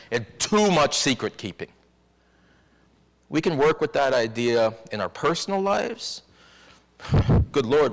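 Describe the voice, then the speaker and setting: Storytelling minister in echoing church. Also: male voice, on the high side, a bit bright. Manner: storytelling, wry and confiding. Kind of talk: sermon. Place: church sanctuary. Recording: long church reverb.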